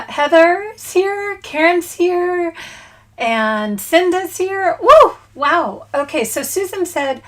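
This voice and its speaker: Bubbly high-voiced woman hosting a livestream. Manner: bubbly, greets viewers by name with whoops. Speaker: scrapbooking livestream host. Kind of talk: casual livestream chat. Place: home craft room.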